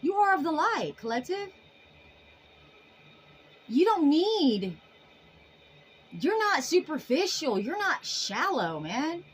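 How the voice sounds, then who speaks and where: A woman giving a casual tarot reading to her viewers in an animated, emphatic way, often laughing. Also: sits high, takes it slowly, long pauses, rough recording. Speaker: tarot reader.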